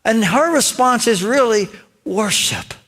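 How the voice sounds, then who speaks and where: Animated male pastor preaching a sermon. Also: very high-pitched, measured pace. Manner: animated storytelling, acting out characters' lines; conversational asides to the congregation.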